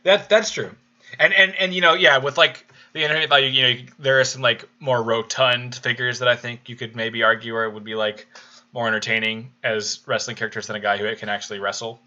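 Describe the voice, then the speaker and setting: A man's voice: mid-range voice, fairly even intonation, brisk, bright, forceful tone, highs cut off. A man co-hosting a live stream podcast, chatting casually with hesitant restarts while running the chat.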